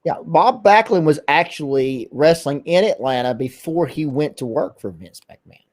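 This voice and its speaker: Agreeable man, slightly higher voice. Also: lively intonation, normal speed. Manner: agreeable, brief interjections. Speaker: podcast co-host. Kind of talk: casual chat.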